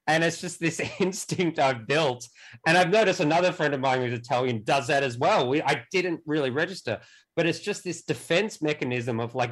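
A young man talking as a podcast guest in casual conversation, halting and often restarting his sentences. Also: fairly high pitch, low-quality recording. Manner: halting, with many restarts and repeated words.

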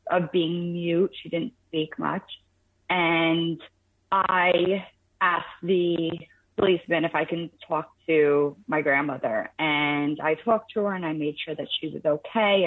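Brief: deep-voiced woman caller, earnest and halting, heard over a thin phone line. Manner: earnest, halting storytelling with many restarts. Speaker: caller sharing a caregiving story. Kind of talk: phone-in radio conversation.

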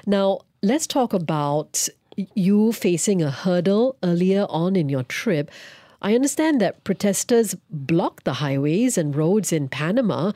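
A woman's voice: fairly low pitch, expressive, measured pace, mellow, no echo, studio quality. A woman hosting an interview, asking curious, short follow-up questions. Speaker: podcast host. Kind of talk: conversational interview.

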